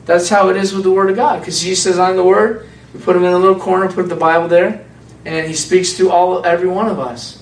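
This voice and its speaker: A man preaching an informal, conversational sermon, animated and laughing often as a small group answers him. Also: high voice, quick pace. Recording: echoey room from far off.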